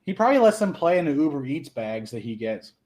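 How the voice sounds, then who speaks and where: A man talking loosely on a podcast, his voice sitting a bit higher than most men's. He jokes crudely and laughs often as he rambles from one thought to the next. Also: sing-song, fast, a little mellow. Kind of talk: casual podcast chat.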